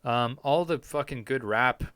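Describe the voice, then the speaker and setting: A man's voice: medium pitch, a little slow, a bit bright, no room sound. A young man chatting casually on a live stream from his home basement, rambling and swearing often in a laid-back way.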